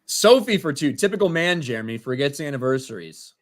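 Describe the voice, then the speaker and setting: A man's voice: medium pitch, big pitch swings, a little fast. A man in his thirties co-hosting a casual livestream, reading out viewer donations and laughing along. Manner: reads names and messages, laughs often.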